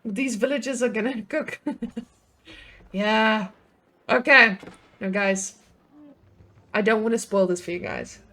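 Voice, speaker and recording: A young woman giving casual live-stream commentary on a strategy game, excitable and chatty, swearing, laughing and talking to her chat. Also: a little high, slow pace, pauses often.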